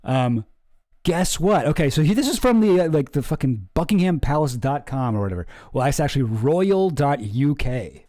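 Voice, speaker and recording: A man's voice: on the high side, sing-song, normal speed, warm tone. A man giving casual, profane commentary, sarcastic and ranting, mocking official statements in a pompous read-aloud voice. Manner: sarcastic, ranting, swears a lot. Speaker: commentary streamer.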